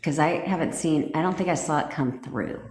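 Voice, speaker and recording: A woman coaching viewers on a casual livestream, blunt and profane and quick to laugh as she greets people and cheers them on. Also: deep voice, a little mellow, roomy sound. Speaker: manifestation coach hosting a livestream.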